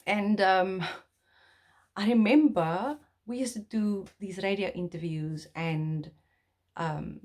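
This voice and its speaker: A woman's voice: medium pitch, slow pace, darkish tone. A young woman from South Africa talking earnestly and from the heart to camera in a personal vlog, rambling with restarts. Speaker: vlogger.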